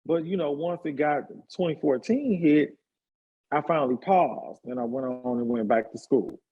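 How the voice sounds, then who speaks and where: A man in his fifties, a hairstylist and party promoter, telling his life story in a relaxed interview with lots of fillers. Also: a little high, normal speed, creaky, husky, dull audio. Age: 50s. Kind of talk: casual conversational interview.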